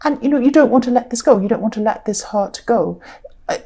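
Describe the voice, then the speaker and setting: A tired woman with a croaky voice, giving a rambling tarot reading and repeating herself often. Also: fairly high pitch, fast talker, warm tone, dull audio. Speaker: tarot reader.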